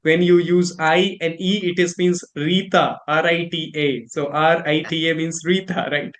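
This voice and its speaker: Chatty Indian-accented man, slightly high voice. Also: flat delivery, moderate pace, fairly bright tone. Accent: Indian English. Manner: chatty, rambling, with frequent fillers and laughs. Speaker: host learning pronunciation. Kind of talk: casual conversational lesson.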